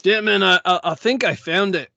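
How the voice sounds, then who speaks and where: Man, tabletop player, joking, higher pitch, dry recording. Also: moderate pace, vocal fry, sharp tone, dry recording, dull audio. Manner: jokey, rambling with fillers. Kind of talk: casual tabletop chat.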